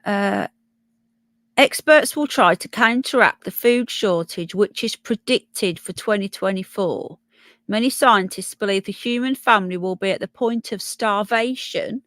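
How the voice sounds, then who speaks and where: A woman's voice: medium pitch, measured pace, a bit bright, no room sound. A middle-aged woman hosting a casual livestream, reading out old newspaper predictions and chatting to viewers by name. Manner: chatty, greets viewers by name, reads aloud and comments. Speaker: livestream host. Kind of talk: casual live chat reading articles.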